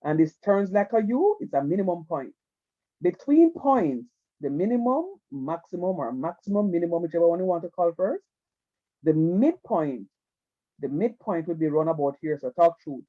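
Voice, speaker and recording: A man's voice: fairly high pitch, very animated, normal speed, narrow, tinny audio. A man, teaching math in an online class, repeating himself and coaxing students to watch. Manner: repetitive, coaxing, keeps saying "watch me".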